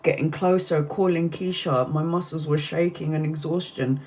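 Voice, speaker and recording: A woman's voice: low voice, normal speed. Earnest woman retelling a story. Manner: earnest, animated retelling with many restarts. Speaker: tarot reader retelling a book. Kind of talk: emotional live-stream storytelling.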